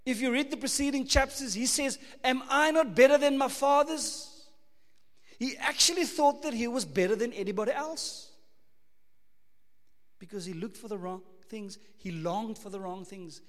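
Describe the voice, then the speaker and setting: A South African man preaching a sermon, emphatic, full of rhetorical questions, swinging between loud and hushed. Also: high-pitched, normal speed, in a large hall. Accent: South African English.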